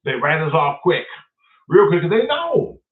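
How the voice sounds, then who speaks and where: Cussing guy chatting with his live viewers, lively pitch, sounds far off and phone-like. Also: measured pace. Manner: profane, storytelling, reads out chat names. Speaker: live-stream host. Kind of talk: casual chat with live viewers. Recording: roomy, distant, phone-like audio.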